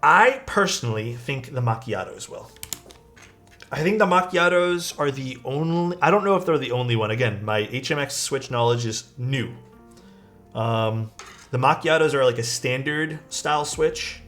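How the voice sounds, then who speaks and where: Man, streamer, relaxed casual chat, answering viewers, faint background music. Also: mid-range voice, moderate pace. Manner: relaxed, chatty, reads and answers chat while working. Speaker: streamer building a keyboard.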